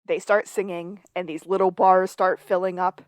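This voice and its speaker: A woman's voice: on the low side, little pitch movement, normal speed, no echo. A woman co-hosting a podcast, narrating an episode recap in casual chat. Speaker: podcast co-host.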